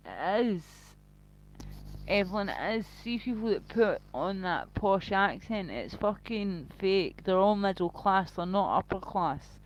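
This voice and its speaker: A woman's voice: medium pitch, lively intonation, a little slow, highs cut off. A Glaswegian woman streams live, answering her chat in a blunt, sweary way and laughing often. She takes her time and drawls her words. A faint hum sits underneath. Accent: Glaswegian Scottish.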